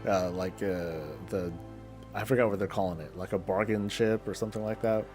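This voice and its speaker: Low-voiced man chatting on a gaming stream. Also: steady tone, brisk. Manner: rambling, answers chat between in-game moves. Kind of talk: casual live-stream chat while gaming. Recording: faint background music.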